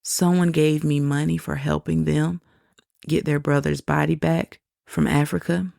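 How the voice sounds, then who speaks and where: A woman shares a personal faith story on her podcast, speaking slowly and reflectively. Her voice has a gravelly texture, and the dry, close recording carries almost no room sound. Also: low voice, dry recording. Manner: slow, reflective storytelling with soft laughs. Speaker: podcast host.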